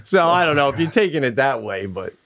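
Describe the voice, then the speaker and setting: A man co-hosting a comedy podcast, telling stories in an excitable, animated way and laughing often. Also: mid-range voice, brisk, a crowd in the background. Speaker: podcast co-host. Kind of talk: casual comedic chat.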